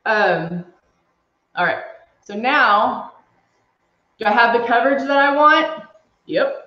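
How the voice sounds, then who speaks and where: Speaking slowly with long pauses, this woman has a fairly high, expressive voice as she demonstrates makeup on a livestream. She chats through each step and reads out viewer comments, and the echoey room gives the audio a slightly dull quality.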